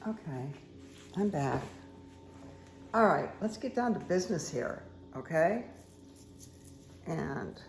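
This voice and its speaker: A woman hosting a meditation and tarot session, talking casually with a croaky, dry-throated voice and rambling, friendly asides to her viewers at home. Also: low-pitched, expressive, slow pace, pauses often, slight background noise. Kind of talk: casual chatty talk to viewers.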